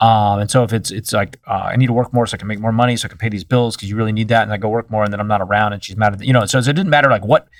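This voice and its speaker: A man, a pastor, speaking candidly in a halting way with many restarts, in a casual conversation. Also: lowish voice, no echo, studio quality, recorded from a distance.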